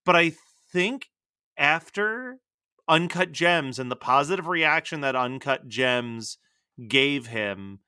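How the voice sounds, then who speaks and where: A man co-hosting a podcast in casual pop culture chat, animated and full of "like" fillers. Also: fairly high pitch, takes it slowly, smooth, no echo, studio quality. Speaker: podcast co-host.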